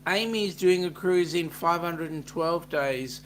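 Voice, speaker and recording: A man's voice: a little high, slow, a little hiss or hum. A man with an Australian accent co-hosting a casual livestream chat, reading out viewer comments with a joking, teasing manner.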